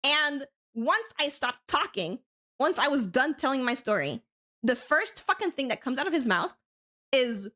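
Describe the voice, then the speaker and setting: A woman's voice: high-pitched, big pitch swings, measured pace, bright, forceful tone. A young woman from Spain with an American accent, chatting casually on an art stream, laughing often and swearing freely. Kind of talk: casual chat while drawing on stream.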